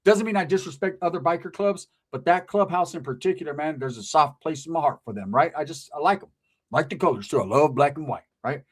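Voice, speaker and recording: A man's voice: fairly high pitch, expressive, a little fast, breathy edge. A man telling a rambling, profane story in a casual talk-show chat, laughing at his own tale.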